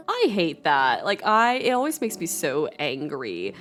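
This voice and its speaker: A woman's voice: low voice, huge pitch swings, measured pace, fairly bright tone, faint music behind. A woman streaming a story game, reading it aloud and ranting passionately in between, swearing often. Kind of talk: casual let's-play commentary with character voices.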